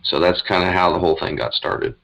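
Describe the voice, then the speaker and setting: A man, a guest on an interview show, telling his story casually in a rambling, animated way. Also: low voice, a little fast, vocal fry, rough recording. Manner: animated, rambling, emphatic retelling. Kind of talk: conversational storytelling.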